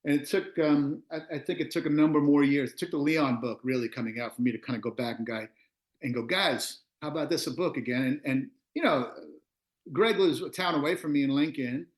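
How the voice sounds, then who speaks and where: A man's voice: a little high, brisk. A man in his fifties from Long Island, a musician and author, telling stories as a guest in a casual interview and laughing often. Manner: animated storyteller, laughs often. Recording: roomy echo.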